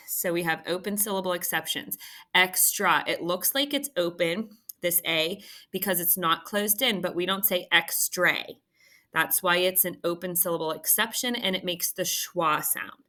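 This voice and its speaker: Woman teacher with a low, bright, forceful voice who explains patiently and checks in often. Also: moderate pace. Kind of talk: recorded phonics lesson walkthrough.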